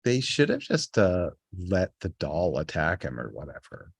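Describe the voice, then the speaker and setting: Man, very low voice, dry close sound, rambling casual recap, co-host. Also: wildly swooping pitch, measured pace, creaky, slightly rough, no echo. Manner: loose, rambling retelling full of "like". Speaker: podcast co-host. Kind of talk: casual episode recap chat.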